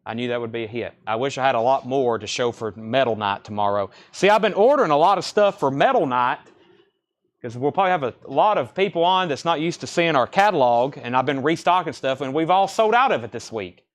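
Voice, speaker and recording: A man hosting a live record sale, chatting informally and rattling off buyer names, album titles and prices in quick succession. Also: medium pitch, animated. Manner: chatty and informal between listings. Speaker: record store host running a live sale. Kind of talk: live-stream sales patter.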